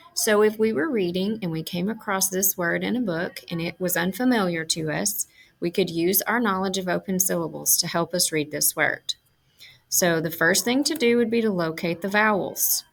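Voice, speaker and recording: A woman giving a scripted phonics lesson, explaining sounds slowly and clearly. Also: fairly low pitch, a bit bright, slight background noise, rough recording. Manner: slow, clear teaching delivery. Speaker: reading teacher.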